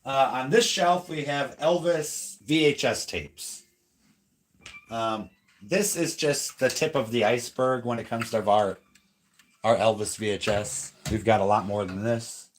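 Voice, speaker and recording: Filmed on a handheld phone during a home live stream, a chatty male co-host gives a casual, rambling room tour. His voice is medium-pitched and his pace measured.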